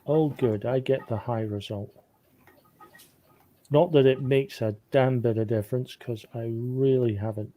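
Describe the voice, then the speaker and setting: A man playing a tabletop game, blunt and excitable, swearing now and then. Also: medium pitch, measured pace. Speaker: player. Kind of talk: casual tabletop game chat.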